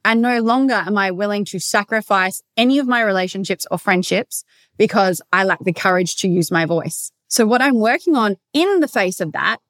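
A woman's voice: medium pitch, lively intonation, moderate pace, a bit bright, no room sound. A woman coach talking alone on her podcast in a direct, emphatic way, swearing casually as she reflects. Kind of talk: solo podcast monologue.

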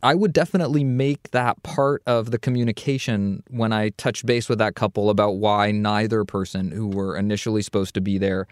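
A man's voice: lowish voice, fairly quick, few pauses, no room sound, clean studio sound. A man co-hosting a podcast, chatting casually about etiquette. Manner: lively, expressive intonation. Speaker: co-host.

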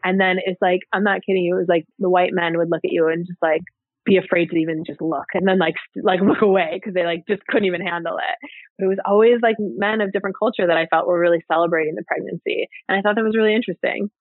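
A woman's voice: fairly low pitch, fairly even intonation, fast talker, no room sound. A woman guest telling a personal story in a casual interview, chatty and full of "like" and "you know.". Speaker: podcast guest. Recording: tinny phone-like line, dry.

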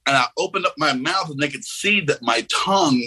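A man with a husky, bright-edged voice recounts a frightening personal experience. He talks casually and keeps slipping into the voices of the people he quotes. The telling is loose and conversational, full of fillers and restarts. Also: a little high, brisk, poor audio. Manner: animated, acts out quoted voices. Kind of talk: personal storytelling.

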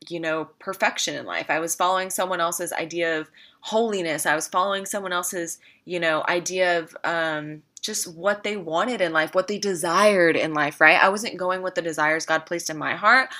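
A woman's voice: lowish voice, normal speed, pushed and bright. A woman talking casually to viewers about faith, earnest and emphatic, repeating phrases for stress. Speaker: Christian vlogger.

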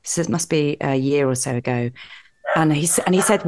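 A British woman in her forties, a podcast guest telling candid personal stories with a self-deprecating, animated manner and frequent laughter. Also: sits low, a little fast, noisy background. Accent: British English. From Britain. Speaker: podcast guest, comedy actress. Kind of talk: candid conversational storytelling.

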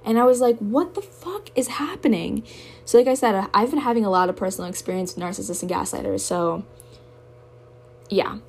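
A woman's voice: mid-range voice, fairly even intonation, fast, darkish tone, slight background noise. A young woman hosting a podcast, talking candidly and emotionally in a personal monologue, swearing often. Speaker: podcast host.

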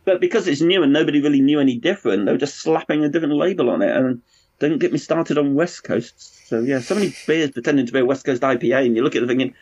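A man, a brewer and pub owner, chatting frankly and rambling in a relaxed conversation. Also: fairly high pitch, fast talker, slightly rough, no room sound. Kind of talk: casual conversation. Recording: dull lo-fi sound, dry.

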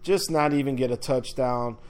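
A man's voice: mid-range voice, steady tone, normal speed, darkish tone, slight background noise. A man hosting a casual sports talk show, loose and chatty, with slang and filler words. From upper Midwest of the United States.

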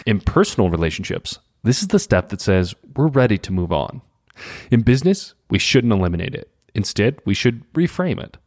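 A middle-aged man reading an article aloud in a calm, measured way, acting out short quoted examples. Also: lowish voice, dry recording, studio quality. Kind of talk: scripted narration.

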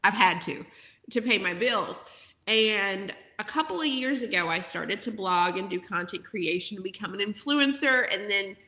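A woman's voice: medium pitch, lively intonation, normal speed, bright, forceful tone, reverberant. A woman in her forties, a former teacher, talking in an interview in an outspoken, emotional way with many fillers. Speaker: guest, former teacher turned content creator.

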